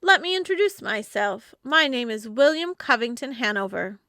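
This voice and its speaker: A woman reading the part of a pompous male swindler who poses as a gentleman with a plummy manner. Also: a little high, animated, moderate pace, no echo, clean studio sound. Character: smooth-talking male conman posing as gentleman.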